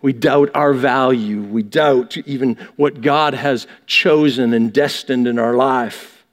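A man's voice: medium pitch, steady tone, slow pace, in a large hall. A man preaching a sermon in a church, pressing his points with rhetorical questions. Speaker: pastor. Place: church sanctuary.

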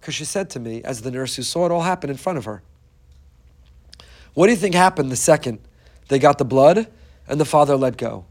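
A man's voice: medium pitch, lively intonation, fairly quick, pauses often. A man giving an inspirational Torah talk, telling stories earnestly and emphatically, often repeating phrases for weight. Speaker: Torah teacher.

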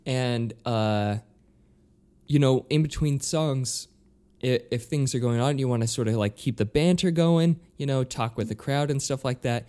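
A man telling a story in casual chat, animated, acting out the voices he quotes and stammering over his words. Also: medium pitch.

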